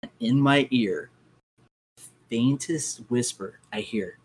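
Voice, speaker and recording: Young male guest, low voice, animated spooky storyteller, faint noise behind. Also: moderate pace, low-quality recording. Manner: animated storyteller, acts out his own reactions. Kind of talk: casual ghost story telling.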